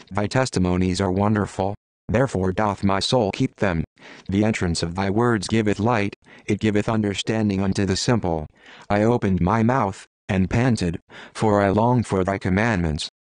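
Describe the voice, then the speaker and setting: Deep-voiced man reading scripture solemnly. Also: darkish tone, no room sound. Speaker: scripture reader. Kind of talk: steady scripted Bible reading.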